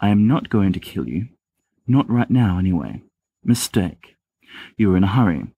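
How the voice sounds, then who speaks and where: Man reading as a big calm teen wizard, slow deadpan, low husky voice, dry close sound, amateur audiobook. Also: no room sound, exaggerated voice. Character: big, calm, imposing teenage boy wizard Kingsley.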